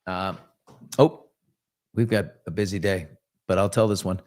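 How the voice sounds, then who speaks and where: A man's voice: sits low, steady tone, a little slow, a little mellow. A middle-aged man hosting a casual live chat show, joking and telling loose, rambling anecdotes full of asides. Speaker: host.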